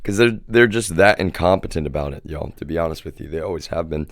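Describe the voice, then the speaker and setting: Speaking quickly in a rumbling low voice with fairly even intonation, this man rants to his livestream audience from home, swearing and repeatedly addressing them as "y'all." There's a little hiss or hum in the recording.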